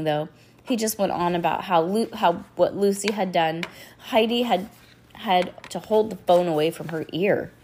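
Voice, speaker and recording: A woman's voice: lowish voice, a little mellow. A woman who is a little sick reading a children's chapter book aloud and chatting about the story between passages. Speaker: reader.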